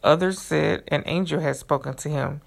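A woman podcast host reading a devotional book aloud in an earnest, measured way, then adding her own comments. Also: deep voice, gravelly.

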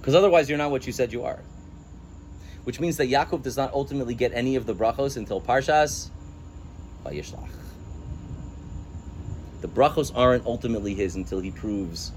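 A man leads a scripture study class with a lively, swooping delivery. He is emphatic, breaks into quoted verses, and laughs at his own points. A faint hum of room tone sits underneath. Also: medium pitch. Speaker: religious studies teacher. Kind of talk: text-study lecture with a class.

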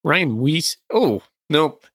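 A man's voice: on the high side, big pitch swings, very slow, fairly bright tone, breathy edge, no echo. A man co-hosting a casual podcast, easygoing and self-deprecating. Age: adult. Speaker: podcast co-host.

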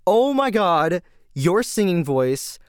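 A man hosting a casual rambling podcast, gushing and excitable, full of fillers and laughs. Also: high-pitched, slow pace, clear, resonant tone, no room sound, clean studio sound. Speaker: podcast host.

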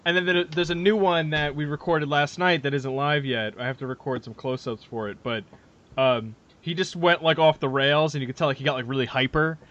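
Bright, higher-voiced man telling rambling stories. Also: steady tone, fairly quick, lo-fi sound. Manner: rambling anecdotes, acts out quotes. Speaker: podcast co-host. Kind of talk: casual chat.

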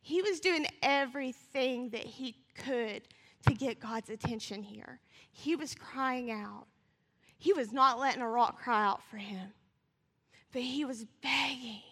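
Woman preacher, fast-talking, passionate, fairly high voice, long hall reverb. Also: fairly bright tone, breathy edge. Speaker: church speaker. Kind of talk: sermon with scripture reading.

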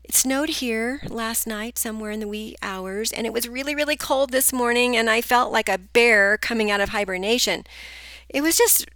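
A woman's voice: a little high, moderate pace, sharp tone. A middle-aged woman hosting a solo coaching podcast, chatty and upbeat, speaking straight to her listeners, a bit groggy today. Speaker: podcast host, business coach.

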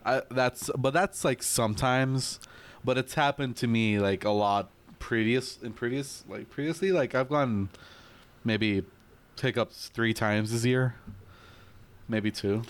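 A young man in casual chat, an animated storyteller who laughs and swears a lot. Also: mid-range voice, measured pace, clean tone. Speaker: podcast co-host.

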